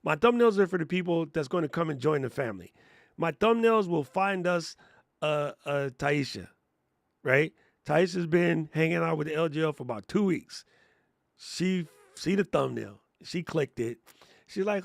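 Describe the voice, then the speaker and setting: A man hosting a casual livestream class on thumbnails, telling stories in slangy, animated talk and laughing often. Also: on the high side, normal speed, vocal fry, no room sound, clean studio sound. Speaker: host and content coach. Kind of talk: casual livestream teaching chat.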